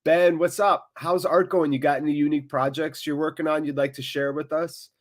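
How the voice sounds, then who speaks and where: A man's voice: on the high side, flat delivery, brisk. Rambling, jokey male live-stream host. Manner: rambling, jokey, chatty with viewers. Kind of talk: casual live watchalong chat.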